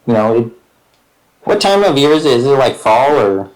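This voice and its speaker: Male player, mid-pitched, hesitant, thinks aloud. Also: big pitch swings, normal speed, low-quality recording. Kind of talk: casual tabletop game play.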